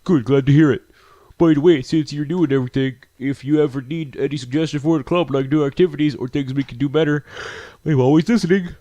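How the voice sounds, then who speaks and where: A man's voice: on the high side, fast, dark tone, no room sound, voice pushed up, lightly acted. A man voicing a confident, friendly teenage girl who leads a club, talking in an encouraging, chatty way.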